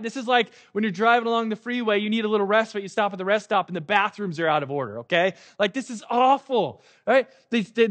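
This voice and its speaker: A man preaching a sermon as pastor, conversational and often checking in with "right?". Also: sits high.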